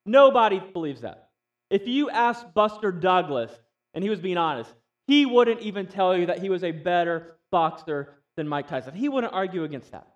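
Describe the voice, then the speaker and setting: A man's voice: high-pitched, expressive, normal speed, distant mic, muffled recording. Conversational man preaching a sermon. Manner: conversational, asks the audience questions. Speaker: pastor.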